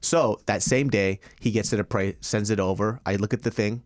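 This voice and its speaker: A man co-hosting a podcast, telling a story in a casual, profane way, with sudden loud outbursts. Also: on the low side, fairly even intonation, moderate pace. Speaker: podcast co-host.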